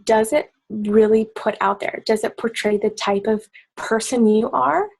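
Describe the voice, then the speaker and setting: Woman coach, husky, kept low and soft, casual team-call pep talk. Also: unhurried, low-quality recording. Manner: talking softly and low to keep quiet.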